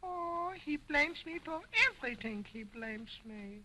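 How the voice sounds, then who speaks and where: A woman voicing a cheeky, wisecracking wooden ventriloquist's dummy in an early talkie film, with a high, thin puppet voice. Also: big pitch swings, slow pace, a crowd in the background, poor audio. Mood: sassy. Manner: sassy, wisecracking, back-talking. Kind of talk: 1920s early talkie acting. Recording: old film soundtrack with music.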